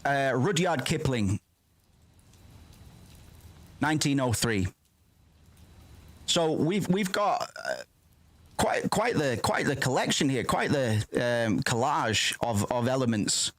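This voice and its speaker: Speaking slowly at a medium pitch with long pauses, he reacts to a film on stream. He rambles excitably, curses freely, and cuts himself off mid-sentence in loose, casual commentary.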